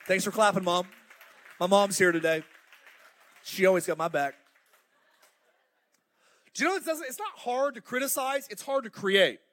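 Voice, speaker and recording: A high-pitched middle-aged man preaches with fire, urging the congregation on with call-outs. He swings between loud bursts and quiet, close asides, speaking through a stage microphone in a church auditorium. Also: moderate pace, long pauses. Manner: fiery, animated preaching with crowd call-outs. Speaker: pastor. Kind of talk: sermon.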